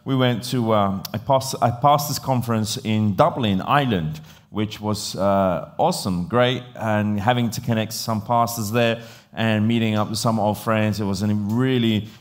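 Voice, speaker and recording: A man's voice: on the low side, moderate pace. A male pastor from Italy with an English accent, preaching a sermon in a chatty storytelling manner. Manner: chatty, animated storytelling with frequent fillers. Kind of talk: sermon with podcast intro.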